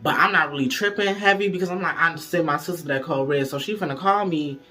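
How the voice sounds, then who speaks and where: Man, casual storytime, profane and animated, speaks to viewers, higher voice, faint music underneath. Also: quick pace.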